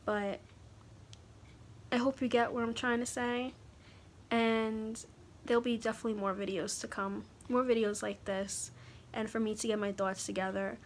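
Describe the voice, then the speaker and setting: A young woman talking haltingly in a personal confessional vlog, pausing often to collect her thoughts. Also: fairly high pitch, little pitch movement, slight background noise. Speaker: vlogger.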